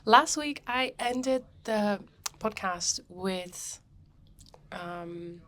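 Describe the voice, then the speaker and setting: A woman with a cold talks through her podcast in a loose, rambling way, full of ums and restarts. Her voice sits at an ordinary middle pitch for a woman. She records on board a cruise ship. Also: drawn-out words, fairly bright tone. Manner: chatty and rambling, many ums. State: has a cold. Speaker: podcast host. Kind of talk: casual podcast monologue.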